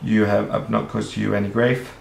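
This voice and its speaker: An Australian man talks on at length in a low, flat, gravelly voice, earnest and rambling, with casual swearing. The room around him sounds echoey. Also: normal speed, slight background noise. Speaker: vlogger. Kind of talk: rambling monologue to camera. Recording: roomy echo.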